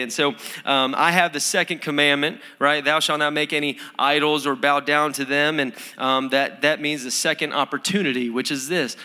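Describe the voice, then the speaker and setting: Young male preacher, bright and forceful, casual earnest delivery, church hall reverb. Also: medium pitch. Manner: earnest, conversational, with frequent fillers and restarts. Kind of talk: sermon. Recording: sermon in a hall with long reverb.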